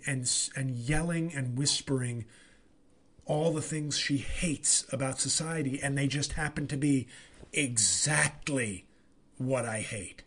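A man hosting a podcast, telling a comic story in an animated, profane, rambling way. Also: mid-range voice. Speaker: comedian and podcast host. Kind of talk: casual comedic monologue.

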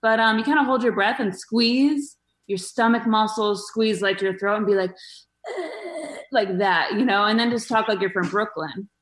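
A woman's voice: medium pitch, moderate pace, a bit bright, roomy sound. A woman comedian chatting as a podcast guest, rambling with lots of fillers and restarts. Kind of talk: casual podcast chat.

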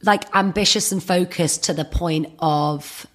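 A woman's voice: on the low side, a little slow. A woman co-hosting a podcast, talking in a blunt, emphatic casual way. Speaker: podcast co-host. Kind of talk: casual chat.

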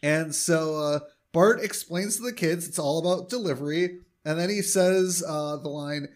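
A man co-hosting a casual podcast, walking through a cartoon episode scene by scene. His voice sits a little high for a man, and he leans on "uh" and "um" as he goes. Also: moderate pace, few pauses. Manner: recaps plot with many fillers and quoted lines. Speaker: podcast co-host recapping an episode. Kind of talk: casual chat.

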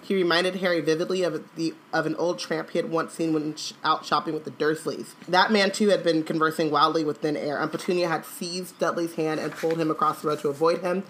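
A woman co-hosting a show, reading a book aloud and talking it over in a lively, emphatic, slangy way. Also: deep voice, fairly quick, few pauses, a little hiss or hum. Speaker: podcast co-host reading aloud. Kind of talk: book reading and casual chat.

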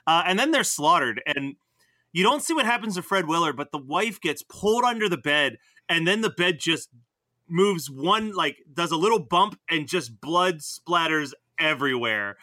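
A man hosting a casual podcast, retelling film scenes in an animated way and laughing often. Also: on the high side, normal speed, no echo. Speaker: podcast host. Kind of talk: casual movie discussion.

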